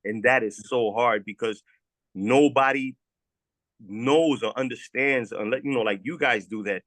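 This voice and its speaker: A man's voice: medium pitch, a little slow, a bit bright, no room sound. A man speaks with raw, heartfelt earnestness, his sentences breaking off and starting again as he repeats words. His voice sits in an ordinary middle register, recorded dry and close with no room sound around it. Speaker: former guest sharing recovery story. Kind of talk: emotional testimonial.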